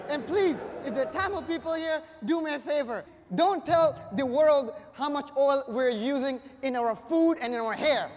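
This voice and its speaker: A young man performing a stand-up comedy set on stage, punchy and energetic, with bursts of shouting. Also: very high voice, moderate pace, hardly any pauses. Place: live comedy stage before an audience. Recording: long hall reverb.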